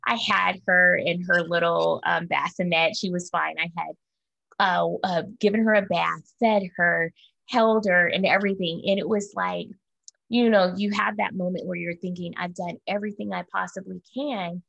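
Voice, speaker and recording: A woman's voice: on the low side, steady tone, moderate pace, creaky, a bit bright, highs cut off. A woman in her forties telling a personal story in a candid, reflective way, as co-host of a casual talk. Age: 40s.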